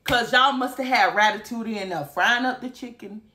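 A woman's voice: fairly high pitch, moderate pace, pushed and bright. A young woman from Alabama, telling a story dramatically in a casual vlog. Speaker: vlogger.

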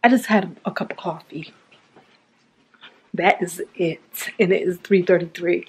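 A woman's voice: fairly low pitch, fairly even intonation, measured pace, long pauses, background noise. Chatty woman vlogging at home. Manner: chatty, talks straight to viewers with "y'all". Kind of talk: casual home vlog talking to camera. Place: inside a home, walking between rooms.

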